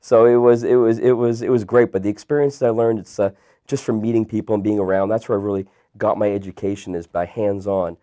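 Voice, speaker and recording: Low-voiced Canadian man in his thirties. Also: quick pace. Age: 30s. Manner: relaxed, rambling with many fillers and restarts. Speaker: guest entrepreneur. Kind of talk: casual interview storytelling.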